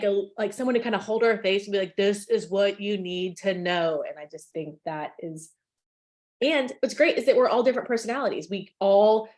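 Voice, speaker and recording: Chatty woman hosting a video call. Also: mid-range voice. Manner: chatty, enthusiastic, many fillers. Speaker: meeting host.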